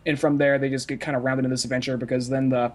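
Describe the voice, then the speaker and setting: A man's voice: medium pitch, flat delivery, racing. A young man co-hosting a podcast, rambling casually with lots of fillers, restarts and swearing. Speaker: podcast co-host. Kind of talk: casual chat.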